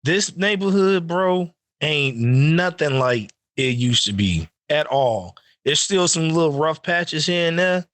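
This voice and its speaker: A man spins profane, animated stories on a casual podcast. His voice sits a bit high for a man and is recorded close and dry, with no room sound. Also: takes it slowly, few pauses, dry recording. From Chicago. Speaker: podcast host. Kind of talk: casual chat.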